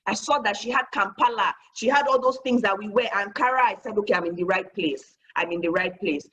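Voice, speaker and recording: A woman tells a lively motivational story, acting out conversations and adding preacher-like blessings. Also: medium pitch, fairly quick, husky. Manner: animated, acts out dialogue, preacher-like blessings. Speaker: guest speaker.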